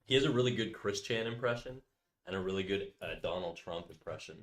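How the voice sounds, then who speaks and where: A man with a very low voice hosts his drawing livestream. He reads chat messages aloud and teases his guest in a joking way. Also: brisk. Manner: teasing, joking. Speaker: livestream artist host. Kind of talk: casual chat reading chat aloud.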